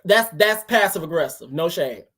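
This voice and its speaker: A woman's voice: on the low side, animated, moderate pace, fairly bright tone, slightly rough. A woman reacting to a podcast clip, closely picking apart the tone and wording of what was said. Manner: analytical, picks apart tone and wording. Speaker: reaction commentator. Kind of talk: reaction commentary.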